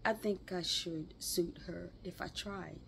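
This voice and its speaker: A woman's voice: on the low side, fairly even intonation, slow pace, vocal fry, slight background noise. A woman reading aloud the lines of a restless, spirited young woman in a storybook reading. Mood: earnest.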